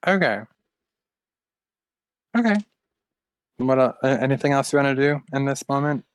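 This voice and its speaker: A man as game master, narrating a tabletop game in a halting way with many fillers. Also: medium pitch, expressive, clean tone, no room sound.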